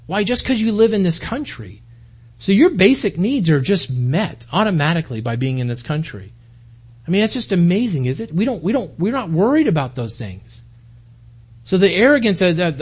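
Preaching to his congregation in a church hall, a US pastor in his forties keeps things folksy and conversational, throwing out rhetorical questions. His high, husky voice has a darkish tone, and he talks animatedly and a little fast.

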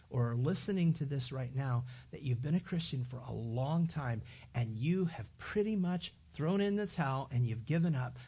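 A pastor preaching a sermon to a congregation in a church, emphatic and animated, speaking straight to the listeners. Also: medium pitch, husky, lo-fi sound.

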